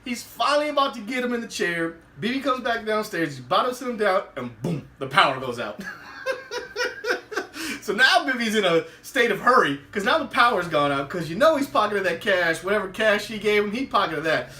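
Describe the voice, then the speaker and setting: A man hosting a podcast, giving a casual, animated recap of a TV episode, laughing often and acting out the characters' lines. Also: sits high, brisk, recorded from a distance. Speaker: podcast host. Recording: roomy, away from the mic.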